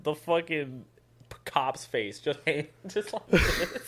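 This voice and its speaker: A man's voice: a little high, takes it slowly, background noise. A young man co-hosting a podcast, retelling crude stories in casual banter with plenty of swearing and laughter. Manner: animated storytelling with laughs and swearing. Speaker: podcast co-host.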